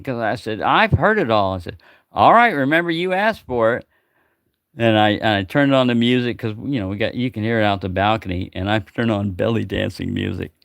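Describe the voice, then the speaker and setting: Older retired man with a gravelly voice and dry sound, rambling through stories and acting out the people he quotes. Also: medium pitch, expressive, moderate pace, fairly bright tone, no room sound. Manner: chatty, repeats words, acts out quoted voices. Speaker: live-stream host. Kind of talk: casual rambling storytelling.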